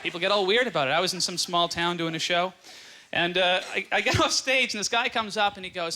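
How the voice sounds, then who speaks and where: High-voiced sardonic man doing stand-up. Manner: sardonic, rapid riffing with fillers like "you know". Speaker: stand-up comedian. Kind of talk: stand-up comedy set. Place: comedy club stage before a live audience. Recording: live room with loud audience laughter.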